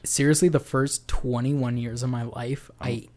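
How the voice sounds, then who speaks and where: A man's voice: mid-range voice, fairly even intonation, unhurried, darkish tone. A young man co-hosting a casual chat, candid and storytelling, swearing casually. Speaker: podcast co-host.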